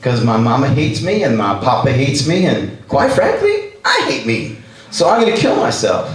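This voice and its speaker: A man's voice: mid-range voice, wildly swooping pitch, moderate pace. A man voicing a distraught, dazed drunk man who pleads and whines. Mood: whiny. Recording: echoey hall, distant mic.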